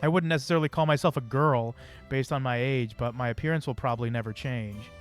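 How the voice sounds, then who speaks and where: A man reading the lines of a calm female android girl from a game, in a matter-of-fact, unemotional way. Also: mid-range voice, fast, soft background music, natural voice. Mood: flat.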